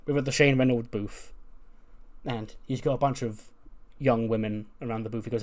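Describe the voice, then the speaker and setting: A man's voice: mid-range voice, fairly even intonation, normal speed, a little mellow. A man narrating a wrestling management game in a casual way, laughing often as he improvises stories. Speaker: let's play narrator.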